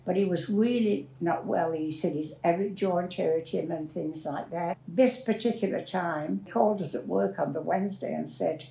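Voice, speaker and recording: A woman's voice: on the low side, normal speed, vocal fry, hardly any pauses, mellow. An older woman, telling her life story in a plain-spoken, rambling way as an interviewee. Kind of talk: personal storytelling. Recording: roomy echo.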